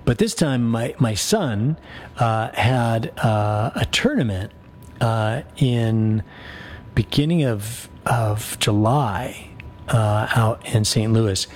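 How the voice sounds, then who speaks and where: A man who is a priest hosting a call-in radio show, chatting casually with callers in a relaxed way, with frequent fillers and restarts. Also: medium pitch, slow pace, a little hiss or hum.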